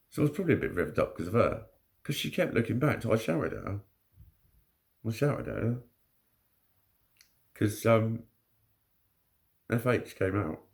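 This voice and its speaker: Blunt, sweary man with a gravelly voice. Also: mid-range voice. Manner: blunt, heavy swearing, frequent laughs. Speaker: vlogger. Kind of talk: casual storytelling to camera.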